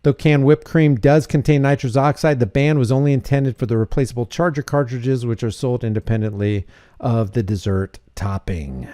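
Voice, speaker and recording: A man hosting a casual commentary video, sarcastic and quick to laugh. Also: mid-range voice, dark tone, no room sound, clean studio sound. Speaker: host.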